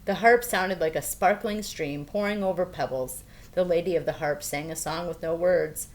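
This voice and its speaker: A woman reading a fairy tale aloud for children, expressive and playful. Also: on the low side, moderate pace, a little hiss or hum. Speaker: storyteller. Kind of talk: children's storybook read-aloud.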